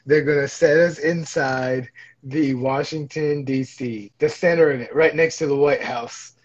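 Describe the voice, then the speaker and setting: A man's voice: on the high side, steady tone, measured pace, breathy edge. A young man co-hosting a podcast, joking and swearing in loose banter. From Mexican heritage. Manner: joking, profane, laughing. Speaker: podcast co-host. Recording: dull lo-fi sound.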